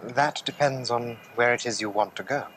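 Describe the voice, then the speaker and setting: An actor in a solo stage performance playing a grand male guide to a dreamlike heaven, who speaks in slow, ornate riddles. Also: medium pitch, a bit bright, slight background noise, pitched below the performer's own voice, natural voice. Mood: grandiose.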